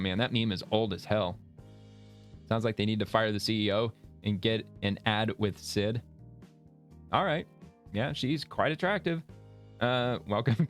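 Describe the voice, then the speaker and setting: A man's voice: on the low side, fairly bright tone. A man hosting casual political reaction commentary, blunt and profane, rambling and laughing as he talks. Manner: rambling with many restarts.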